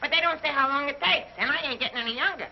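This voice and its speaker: An actor playing a griping young army private who complains about army life. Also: male voice, very high voice, rapid-fire, slight background noise. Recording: dull old TV sound.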